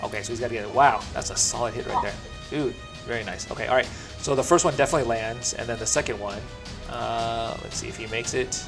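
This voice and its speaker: A man acting as dungeon master, narrating combat and fighting with the game software. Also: mid-range voice, fast. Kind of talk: running a tabletop game online. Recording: clear background music.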